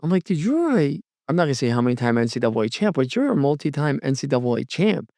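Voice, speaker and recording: A man hosting a podcast, chatting casually and telling animated stories, acting out quotes with big jumps in pitch. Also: rapid-fire, vocal fry, no echo, clean studio sound. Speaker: podcast host.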